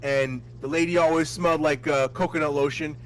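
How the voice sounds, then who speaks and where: Man, somewhat high voice, casual podcast chat, crude and animated storytelling, cursing a lot. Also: fairly quick, a little hiss or hum, low-quality recording. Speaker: podcast co-host.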